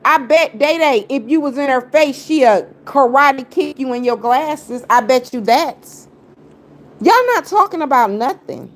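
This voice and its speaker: A woman's voice: sits high, lively intonation, measured pace. A woman livestreaming an angry rant at her critics, confrontational and taunting, repeating her jabs in heavy slang. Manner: heavy slang, talks straight at viewers.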